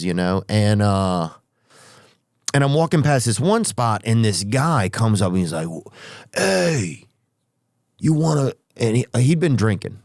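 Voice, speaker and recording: A man hosting a podcast, telling rambling comic stories with profanity and drawn-out asides. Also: lowish voice, darkish tone, dry recording, clean studio sound. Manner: profane, drawn-out asides, sudden character voices. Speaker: podcast host.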